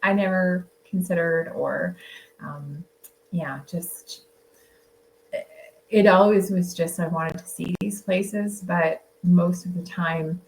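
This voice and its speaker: A woman's voice: fairly low pitch, steady tone, takes it slowly, a little mellow, slight background noise, low-quality recording. A woman author talking casually as a podcast guest, rambling a little with many fillers and restarts. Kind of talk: casual interview chat.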